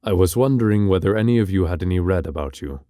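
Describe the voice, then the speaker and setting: A man reading an audiobook, voicing a stately, formal foreign gentleman in uniform who speaks with a foreign accent and courtly politeness. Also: low voice, animated, dry recording, studio quality. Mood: grave. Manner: slow, formal, bowing politeness.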